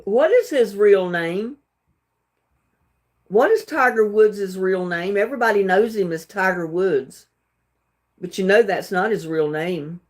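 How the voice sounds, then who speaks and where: A woman's voice: mid-range voice, lively intonation, a little slow, darkish tone. A woman hosting a casual trivia livestream, reading questions aloud and chatting with viewers, laughing often and stumbling over words. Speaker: livestream host.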